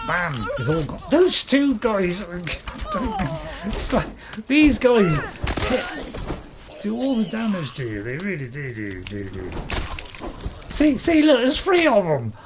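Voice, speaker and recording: A man's voice: high-pitched, background noise. A man giving casual, rambling commentary while playing a game, chuckling to himself now and then. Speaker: gaming video host.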